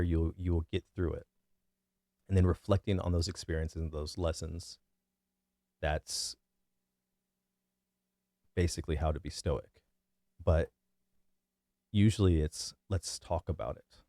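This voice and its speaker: A man in his thirties with a deep bass voice, giving his opinions in a casual, rambling monologue full of fillers and restarts. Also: mellow, no echo, studio quality. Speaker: vlogger.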